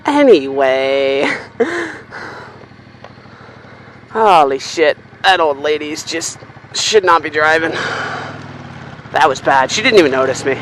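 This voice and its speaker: A young man, chatting casually and swearing freely while driving, rambling and excitable. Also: fairly high pitch, slow, long pauses, low-quality recording. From Canada. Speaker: vlogger. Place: inside a car, driving in city traffic. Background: faint car and road noise.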